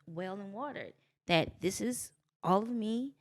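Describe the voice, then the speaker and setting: A middle-aged woman, a podcast guest, telling personal stories in an animated, expressive way, acting out quotes and speaking with faith. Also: mid-range voice, unhurried. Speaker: guest, business owner.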